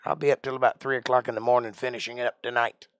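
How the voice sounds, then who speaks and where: A man's voice: medium pitch, level tone, racing, dry recording. A man hosting a casual live stream, joking around in a put-on accent and sounding tired. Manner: joking, puts on an odd made-up accent. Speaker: livestream host.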